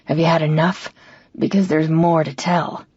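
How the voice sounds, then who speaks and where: A woman's voice: low-pitched, little pitch movement, normal speed, darkish tone, breathy edge, no echo, muffled recording, voice pushed down. A woman voicing a drunk, blunt young man who resents the heroine, in an audiobook. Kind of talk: audiobook character voice.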